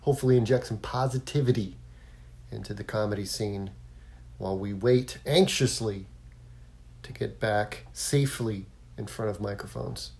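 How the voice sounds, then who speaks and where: Gravelly man rambling as podcast host. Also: fairly low pitch, normal speed, a little mellow. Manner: rambling, many fillers and restarts. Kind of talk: casual solo podcast monologue.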